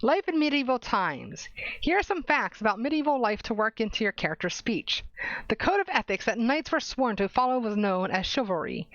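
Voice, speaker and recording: A woman's voice: a little high, a bit bright, no echo. A young adult woman streamer chatting casually and reading game papers aloud, stumbling and correcting herself as she goes. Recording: dull, dry lo-fi stream audio.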